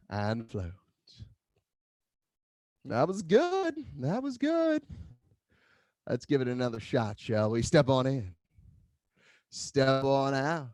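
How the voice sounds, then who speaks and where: Male tai chi instructor, unhurried cues with an animated lilt, dry room sound. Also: mid-range voice, no echo. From Philadelphia area. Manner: calm cueing with playful whoops. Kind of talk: guided online movement class.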